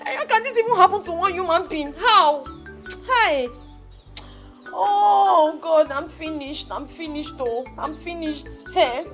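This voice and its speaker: Emotional young Nigerian fiancée, very high, pleading. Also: female voice, lively intonation, normal speed, bright, forceful tone, faint music behind, heavily acted. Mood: distraught. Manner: wailing, pleading. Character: distraught young woman, engaged, emotional. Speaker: grieving fiancée. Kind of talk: film acting.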